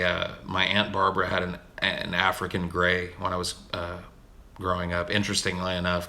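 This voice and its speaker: A man's voice: low voice, bright, forceful tone. A man chatting casually with his stream audience, laid-back and profane, often calling people dude. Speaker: streamer answering chat. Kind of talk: casual chat. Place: home recording room.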